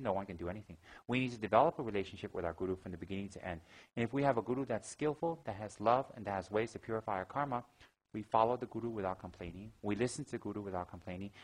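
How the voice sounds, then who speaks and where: A man with a fairly low voice gives a dharma talk at a quick clip. He moves between teaching and lively anecdotes, acting out gasps and the lines of people in his stories. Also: low-quality recording. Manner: animated storyteller, acts out gasps and quotes. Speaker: Buddhist teacher.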